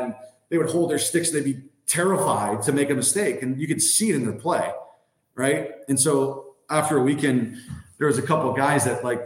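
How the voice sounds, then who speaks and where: A man's voice: mid-range voice, echoey room. A man in his thirties, a podcast guest and former hockey player, telling a long story in a rambling, filler-heavy way. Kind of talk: casual anecdote telling.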